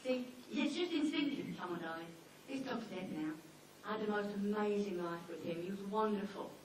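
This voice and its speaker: A woman talking informally to a seminar audience about dogs, chatty and anecdotal, slipping into quick acted-out asides. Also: mid-range voice. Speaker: dog behaviour trainer giving a seminar. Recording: echoey hall, mic far off, faint noise.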